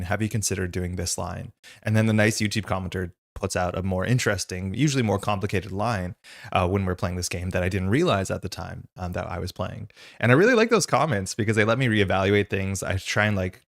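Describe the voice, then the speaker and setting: Hoarse, gravelly-voiced male stream host. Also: lowish voice, no room sound, clean studio sound. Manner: rambling and chatty, many "like" fillers. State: hoarse, recovering from lost voice. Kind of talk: casual live-stream chat.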